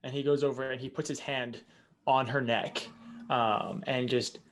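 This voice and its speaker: A man's voice: medium pitch, level tone, a little slow. A man narrating a tabletop game as game master, describing scenes casually with many fillers.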